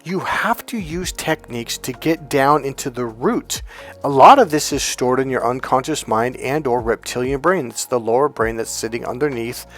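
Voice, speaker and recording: A man speaking as a relationship coach in a motivational monologue, emphatic and animated, often acting out other people's voices. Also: mid-range voice, normal speed, soft background music.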